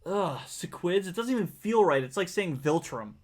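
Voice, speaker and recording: A man co-hosting a podcast who argues with the others in casual banter and quickly pushes back. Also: high voice, lively intonation, a little mellow. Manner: argumentative, quick to push back. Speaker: podcast co-host.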